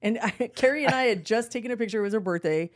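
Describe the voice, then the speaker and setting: A woman co-hosting a podcast, telling a story in a casual, animated way and laughing often. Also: a little high, quick pace. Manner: animated, laughing, acts out quotes. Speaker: podcast co-host.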